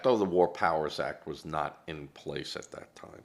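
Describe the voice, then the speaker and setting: A man's voice: very deep voice, measured pace. A man giving opinionated political commentary as host, rambling and hesitant, often correcting himself.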